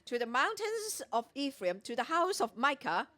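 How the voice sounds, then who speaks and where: This woman's high, bright voice has a pushed, sing-song quality and moves at a moderate pace. She is giving a Bible teaching sermon at a morning prayer meeting, explaining the passage verse by verse and acting out what the characters say.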